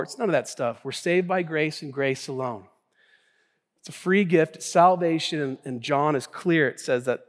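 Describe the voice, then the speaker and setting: A man pastor preaching a sermon in a church, talking in an energetic, conversational way with many restarts. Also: medium pitch. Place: church sanctuary. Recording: long church hall reverb.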